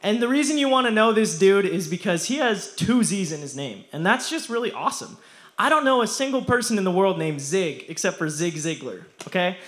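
A man's voice: sits high, expressive, fairly quick, a bit bright. A young man preaching a casual youth sermon, slangy and playful, often laughing as he talks.

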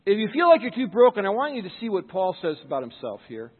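High-voiced guy preaching, kinda husky, earnest and chatty, tinny recording. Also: wildly swooping pitch, fast talker, big-room sound. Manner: earnest, conversational, repeats words when starting a thought. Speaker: pastor. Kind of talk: sermon. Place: church.

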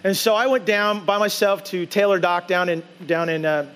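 High-voiced pastor telling a personal story. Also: male voice, normal speed, a bit bright. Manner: conversational, acts out his own dialogue. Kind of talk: storytelling sermon. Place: church sanctuary.

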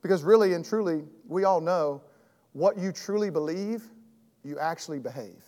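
A man with a slightly higher-than-usual voice teaches a Bible class, earnest and emphatic, circling back to repeat his points. His throat keeps catching. The sound carries a long reverb, like a big room. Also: moderate pace, darkish tone. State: throat trouble, clearing his throat.

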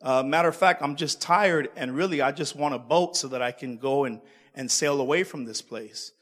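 A man's voice: mid-range voice, moderate pace, fairly bright tone, lightly acted. A man voicing a boy who grows into a tired old man, offhand and dismissive.

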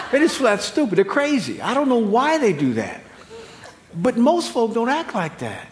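A middle-aged man preaching a sermon, animated and humorous, swinging from loud high exclamations to quiet, low emphasis. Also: takes it slowly, long pauses. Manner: humorous, laughing at own stories. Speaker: pastor.

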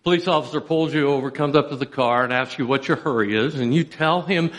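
A pastor preaching a sermon, telling stories with dramatic pauses and building intensity. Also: male voice, mid-range voice, a bit bright, big-room sound. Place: church sanctuary.

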